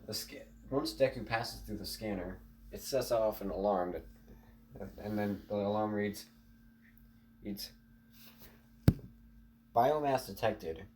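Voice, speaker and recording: A man's voice: on the low side, steady tone, a little slow, pauses often, a little mellow, slight background noise. A man casually narrating an improvised story, rambling with fillers and restarts and talking to his viewers. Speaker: online storyteller.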